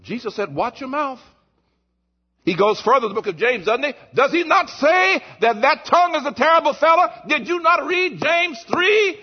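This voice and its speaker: A man preaching a sermon as pastor, swinging between shouted points and low, quiet asides. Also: animated, normal speed, hardly any pauses. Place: church. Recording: muffled lo-fi recording.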